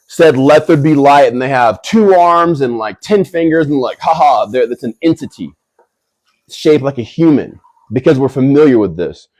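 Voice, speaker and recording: A man hosting a casual livestream Q&A. He is brash and hyped, full of slang, and now and then bursts into shouting. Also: a little high. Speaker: livestream host.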